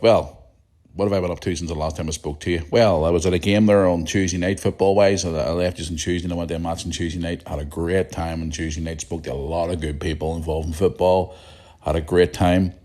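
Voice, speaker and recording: A middle-aged Northern Irish man hosting a solo podcast, chatting in a blunt, rambling way with a croaky morning voice. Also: low voice, steady tone, a little fast, darkish tone. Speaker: podcast host. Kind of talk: casual solo podcast chat.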